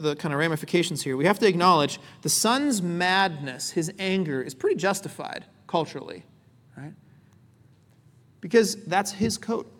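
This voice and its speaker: High-voiced conversational preacher. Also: male voice. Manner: conversational, with frequent "right?" asides; animated, acts out quotes. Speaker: pastor. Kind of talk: sermon. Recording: long hall reverb.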